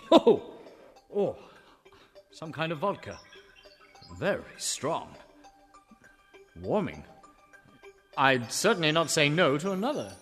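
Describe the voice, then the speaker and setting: An actor playing a polite, bemused young English gentleman traveler, talking to himself in a genteel, chatty way with an English accent. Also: fairly high pitch, big pitch swings, slow, long pauses, in a large hall, faint music behind, heavily acted. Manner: genteel, chatty inner monologue. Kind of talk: radio drama acting.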